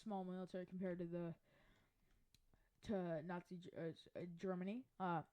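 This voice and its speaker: A woman's voice: lowish voice, flat delivery, moderate pace, dark tone, clear, resonant tone. A woman casually narrating a mapping video from her chair at home, rambling and correcting herself as she goes. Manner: rambling, self-correcting, chatty. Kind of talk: casual narration over a map.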